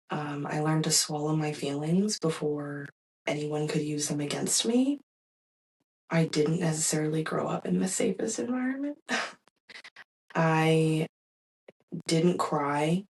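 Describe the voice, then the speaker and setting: A young woman with a notably low voice shares a personal story on her podcast. She speaks candidly and reflectively, with easy fillers and the odd soft laugh. Her voice sits a bit back from the mic. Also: slow pace, creaky, long pauses, recorded from a distance, rough recording. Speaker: podcast host.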